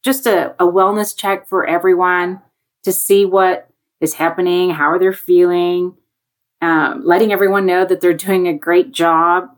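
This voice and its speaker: Speaking a little slowly in a lowish voice, this woman is a panel guest from education, joining by remote video call. She recounts a classroom story with animated, chatty storytelling, performing the voices of those she quotes.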